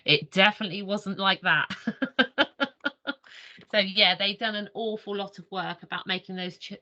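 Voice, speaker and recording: Halting English woman on a dull line. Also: medium pitch, bright, forceful tone. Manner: halting, restarts sentences. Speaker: early years adviser. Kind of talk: sharing an anecdote in online training. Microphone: video call.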